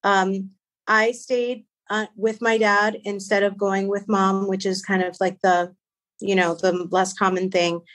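A woman with a Persian accent chats as a guest on a podcast. She speaks slowly and at a middle pitch, wandering through her thoughts with pauses and restarts. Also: little pitch movement, a bit bright. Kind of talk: casual podcast interview.

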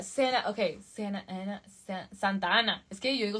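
A woman's voice: medium pitch, a little fast, sharp tone. A young Mexican woman chatting casually on a live stream with a Mexican accent, a bubbly band singer who switches between English and Spanish. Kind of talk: casual chat reading fan comments.

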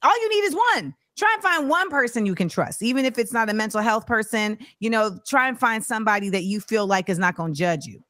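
A woman hosting a talk show in casual chat, animated, laughing and slipping into slang. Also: fairly high pitch, a little fast, few pauses, no echo, studio quality. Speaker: host.

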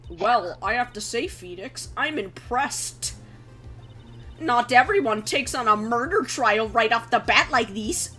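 A man's voice: extremely high pitch, animated, measured pace, sharp tone, soft background music, heavily acted. A young man reading as a poised woman attorney. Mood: composed. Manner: reading game dialogue aloud, half-joking.

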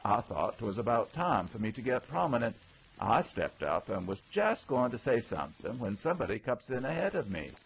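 A man narrating a folksy old-time story, with lively character voices. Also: medium pitch, normal speed, gravelly, a little hiss or hum, low-quality recording. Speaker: audiobook narrator.

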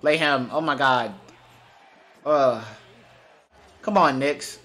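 A young man streaming his reaction to basketball highlights, hyped and slangy, repeating short catchphrases. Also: takes it slowly, sharp tone. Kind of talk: excited live reaction commentary.

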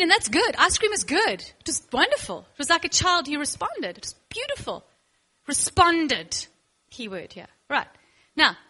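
Lively high-voiced woman teaching. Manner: playful, acts out scenes with students; emphatic, bursts of excitement. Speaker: worship teacher. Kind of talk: animated classroom teaching.

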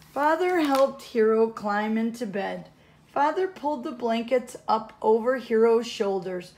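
A woman's voice: on the high side, measured pace, darkish tone. A woman, a teacher, reading a children's storybook aloud in a casual way, correcting herself as she goes.

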